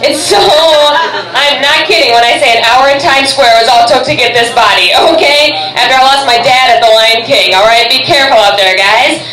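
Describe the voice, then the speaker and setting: A woman's voice: sits high, normal speed, pushed and bright, soft background music. A woman from Buffalo doing a stand-up comedy set, chatty and brash, working the crowd from a club stage. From Buffalo, New York. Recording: echoey club with audience.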